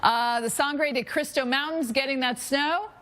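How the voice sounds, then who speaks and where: A middle-aged woman presenting a live TV weather forecast, lively and chatty, laughing at her own slips. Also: high voice, normal speed.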